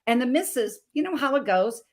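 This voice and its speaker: A middle-aged health coach from Montana, USA, appears as a guest on a talk show, telling her personal story emphatically and with feeling. Her voice sits high, with lively intonation and a brisk pace.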